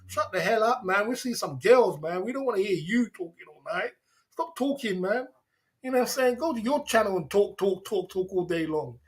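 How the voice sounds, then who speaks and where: A livestream host with a high, animated voice talks fairly quickly, tipsy and laughing. His rant rambles casually, full of repetition and swearing.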